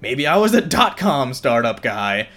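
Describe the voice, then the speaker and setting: A man voicing an indignant homeless man, scoffing and rapid-fire. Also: medium pitch, very animated, pushed and bright, full character voice.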